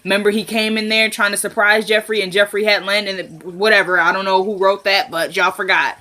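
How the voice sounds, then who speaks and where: A chatty woman recapping a drama episode for her viewers. She has a bright, forceful voice and retells each scene with "he was like" and plenty of her own asides. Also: medium pitch, flat delivery, brisk. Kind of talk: casual episode recap and commentary.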